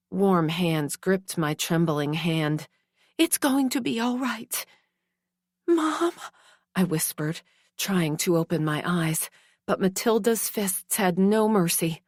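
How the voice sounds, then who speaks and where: Slow, anguished woman narrator. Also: mid-range voice, no echo, clean studio sound. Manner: slow, anguished, breathy at times. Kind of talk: dramatic first-person audiobook narration.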